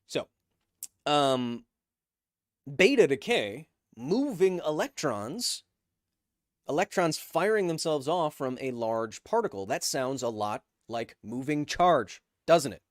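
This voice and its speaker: Lively, joking man hosting a live stream. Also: a little high, takes it slowly, pauses often, no room sound, clean studio sound. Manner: joking, reads chat messages aloud, wanders off on tangents. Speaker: host of a science live stream. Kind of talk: casual live-stream chat and science explainer.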